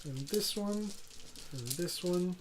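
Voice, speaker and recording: A man with a French accent co-hosting a casual board game play-through, easygoing and quick to laugh. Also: high-pitched, animated. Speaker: board game show co-host.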